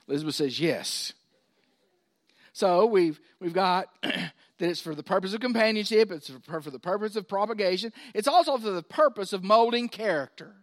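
A middle-aged pastor preaches in a folksy, conversational style, turning to his congregation with asides. His voice sits high for a man, and the sound is close and dry. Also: fairly bright tone, no room sound. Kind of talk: sermon.

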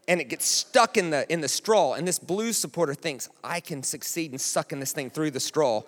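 An American man preaching a sermon in a chatty, animated way, often checking in with the crowd. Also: on the high side, brisk, few pauses. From United States. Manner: conversational, animated, keeps asking "right?". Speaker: pastor. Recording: long hall reverb.

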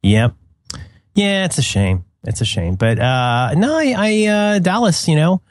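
A man's voice: fairly high pitch, very animated, unhurried, dry recording, studio quality. A middle-aged man chatting casually as a podcast co-host, rambling with many restarts and laughing at his own jokes. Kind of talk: casual chat.

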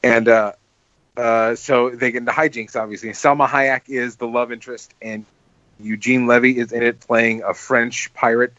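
A man's voice: medium pitch, moderate pace, no room sound, lo-fi sound. A man co-hosting a podcast, casually retelling scenes from an old comedy film with lots of fillers and acted-out lines. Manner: rambling, animated storytelling with quoted movie lines. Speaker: podcast co-host. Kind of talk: casual chat.

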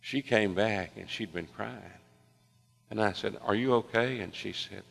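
A man preaching a sermon, telling a story with lively swings between loud excitement and soft hushed tones. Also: fairly low pitch, measured pace, creaky. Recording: long reverb of a large hall.

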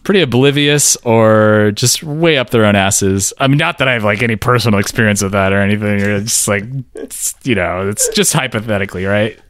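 A man co-hosting a casual music podcast, easygoing and quick to laugh at himself. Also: lowish voice, a bit bright, clean tone, no echo. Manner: laughs a lot, easygoing, self-mocking. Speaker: podcast co-host. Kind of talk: casual chat about music.

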